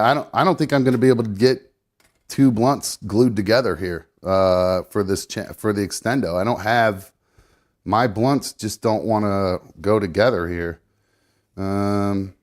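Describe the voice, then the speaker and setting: Low-voiced rambling man, casual and swearing. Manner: rambling, swearing, self-narrating while rolling. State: slightly out of breath. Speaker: live show guest rolling a blunt. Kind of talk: casual live-stream chat.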